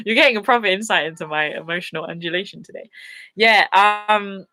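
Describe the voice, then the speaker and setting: Chatty woman, bright voice. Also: medium pitch, brisk, no room sound. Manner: chatty and rambling, with many fillers and restarts; openly emotional and laughs easily. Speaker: host of a live viewer Q&A. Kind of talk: casual live Q&A chat. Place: at home on a sofa. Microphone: computer mic on a livestream.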